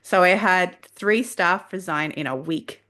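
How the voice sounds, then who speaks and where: A woman, a guest on a podcast, telling her story in a lively way and acting out what she said at the time. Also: lowish voice, unhurried. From Australia. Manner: animated storyteller who acts out her own past lines. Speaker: guest, leadership coach. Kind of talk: casual podcast conversation.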